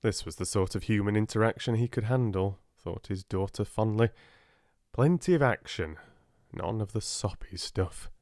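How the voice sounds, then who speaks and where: A man calmly narrating a relaxing audiobook for sleep, close to the mic. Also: on the low side, moderate pace, no echo.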